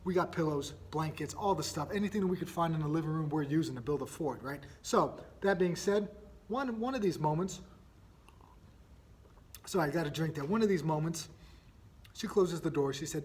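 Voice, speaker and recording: A man in his thirties hosting a solo parenting podcast, telling stories in a casual, energetic way and often checking in with "right?". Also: fairly high pitch, fast talker, slightly rough. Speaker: podcast host.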